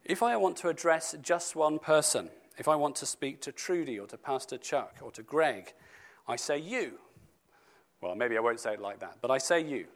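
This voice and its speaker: A man preaching a sermon to his church, stressing key words and slowing down for scripture. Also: mid-range voice, expressive. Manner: emphatic, slows down for scripture, speeds up for asides.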